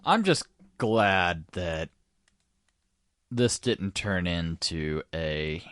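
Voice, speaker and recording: Male co-host, very deep voice, relaxed chat, dry recording. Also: very slow, dry recording. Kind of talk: casual chat.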